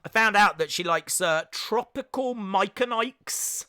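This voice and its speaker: A young British man chatting excitedly as he live-streams his reactions to a show. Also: sits high, a little slow, clean tone. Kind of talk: live watch-along commentary.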